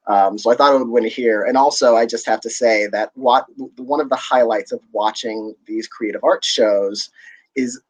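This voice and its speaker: A man's voice: mid-range voice, fairly even intonation, normal speed, low-quality recording. A man discussing awards results in a casual panel chat, rambling with many restarts and chuckles. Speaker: awards pundit.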